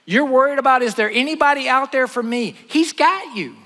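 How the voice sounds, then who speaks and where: A man preaching a sermon to an audience, animated and acting out scripture scenes in quick voices. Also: very high-pitched. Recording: long hall reverb.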